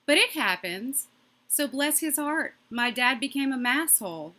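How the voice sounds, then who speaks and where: A woman doing a stand-up comedy set from her own microphone on a video call, delivering quick, punchy jokes and laughing at her own lines. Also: sits high, lively intonation, heavy background noise. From Massachusetts.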